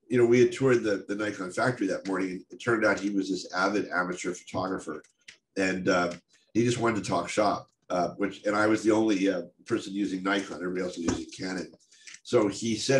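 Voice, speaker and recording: This is a storytelling talk by a middle-aged American photographer, who recounts his career frankly and self-deprecatingly while leaning on lots of fillers. He speaks fairly quickly, his low voice keeping fairly even intonation. Echo from the room and faint noise come through.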